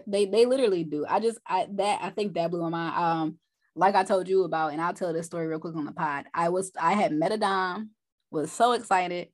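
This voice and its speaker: A woman guest on a podcast, telling a personal story in an animated, profane, casual way with lots of restarts. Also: fairly low pitch, a little fast.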